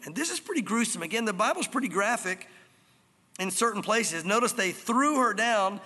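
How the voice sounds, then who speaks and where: A male pastor preaching a sermon, telling the story in an animated way and acting out scenes. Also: high voice. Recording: reverberant hall.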